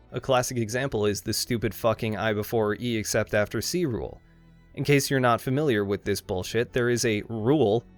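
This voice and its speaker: Sarcastic, swearing man narrating a video essay. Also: mid-range voice. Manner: irreverent, sarcastic, swears freely. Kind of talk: scripted comedic narration. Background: faint background music.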